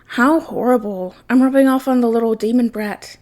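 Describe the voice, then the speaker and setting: A smirking, defiant young man, read by a woman with a sardonic, mocking edge to every line. The delivery is fairly high pitched and comes across as a plain storybook reading. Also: normal speed, darkish tone, lightly acted.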